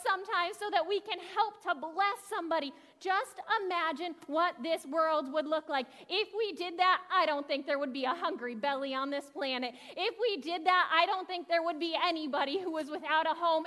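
A woman pastor preaching a sermon, telling a story quickly and with lots of animation. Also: extremely high pitch, big-room sound. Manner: talks fast and animated, storytelling to the congregation. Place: church sanctuary.

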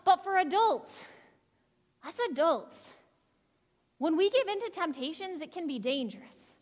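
A woman pastor preaching a sermon with energetic, earnest delivery and quick restarts. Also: extremely high pitch. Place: church sanctuary. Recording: long reverb of a church hall.

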